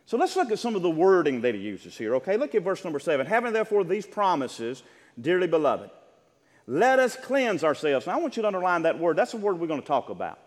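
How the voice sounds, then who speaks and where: A man's voice: sits high, very animated, quick pace, in a large hall. A man preaching a sermon with impassioned, rhythmic delivery, reading scripture and addressing the congregation.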